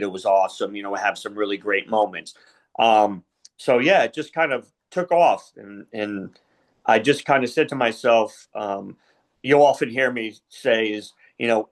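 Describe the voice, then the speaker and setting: A middle-aged man, a wrestling referee, telling stories in a casual interview, rambling with many fillers and retold conversations. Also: lowish voice. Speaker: wrestling referee, podcast guest.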